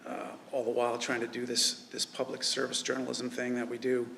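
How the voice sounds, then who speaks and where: A man who runs a news website speaking at a memorial service, halting with many filler pauses. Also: mid-range voice, completely flat delivery, gravelly, a bit bright, slight background noise. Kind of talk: memorial tribute speech. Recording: reverberant hall with faint ambience.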